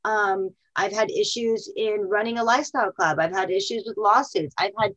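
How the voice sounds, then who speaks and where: A woman's voice: medium pitch, moderate pace, fairly bright tone, highs cut off. A middle-aged woman speaking candidly as an interview guest, emotional and full of fillers and restarts.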